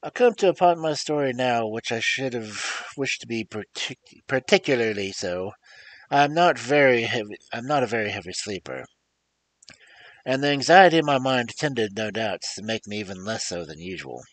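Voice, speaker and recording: A man reading a classic story aloud in an expressive storytelling style. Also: mid-range voice, normal speed, no room sound, rough recording. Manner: lively expressive reading with rises and drops. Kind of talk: audiobook reading, dramatic storytelling.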